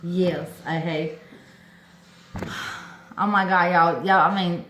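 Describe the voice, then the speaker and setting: Chatty, excitable woman. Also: on the low side, slow, reverberant, slight background noise. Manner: excited, chatty, lots of "y'all" and "oh my God". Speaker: orchid-growing vlogger. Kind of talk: casual chat to camera.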